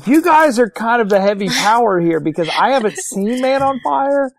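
A man's voice: very high voice, expressive, normal speed, vocal fry. A man hosting a podcast in casual chat, with a playful, rambling, jokey manner. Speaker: podcast host.

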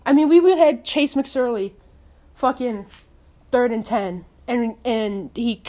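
A woman's voice: fairly high pitch, unhurried, mellow. A woman giving an angry, swearing post-game rant as a sports fan, repeating words in exasperation. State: upset.

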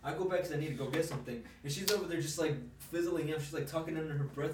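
Young guy, slangy rambling storyteller, a touch high, roomy and off-mic. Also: very fast, far from the mic, background noise. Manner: rambling, slangy, swears a lot. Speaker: storyteller in a chat. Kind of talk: casual chat. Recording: echoey room, away from mic.

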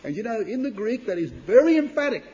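Man, high pitch, sermon, emphatic, loud then hushed, old-fashioned scripture reading. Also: sing-song, fast, rough recording. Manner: emphatic, rising to loud declamation then dropping low; reads scripture in old-fashioned King James wording. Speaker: preacher.

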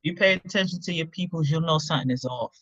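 A woman's voice: low voice, fast, a bit bright, no echo. A woman co-hosting a podcast, talking bluntly and emphatically in casual slang. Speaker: podcast co-host. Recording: slightly dull lo-fi sound.

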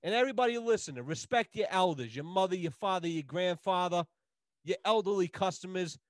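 A man guesting on a podcast, ranting loudly and swearing heavily in casual chat. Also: high voice, fairly quick, no room sound. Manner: loud, swearing, heated. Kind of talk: casual profane rant.

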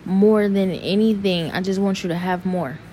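A young woman talking to camera in an earnest, saddened personal monologue, halting and restarting as she searches for words. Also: medium pitch, steady tone, dark tone, a little hiss or hum. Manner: rambling, halting, full of restarts and fillers.

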